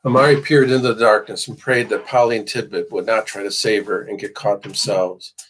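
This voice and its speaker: A man reading a novel aloud as audiobook narration, steady with the odd restart. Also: lowish voice, brisk, poor audio. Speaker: audiobook reader.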